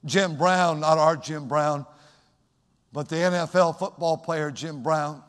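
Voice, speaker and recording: A fervent male preacher with a high voice, delivering a sermon that swells into shouted exhortation. His words ring out with a long reverb tail in the church sanctuary. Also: steady tone, slow pace.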